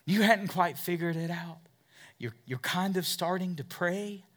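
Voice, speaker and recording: In a church, a middle-aged male pastor preaches a sermon with a high-sitting, unhurried voice. He asks the congregation questions and repeats words as he builds, swinging from loud, emphatic lines to hushed, almost whispered appeals.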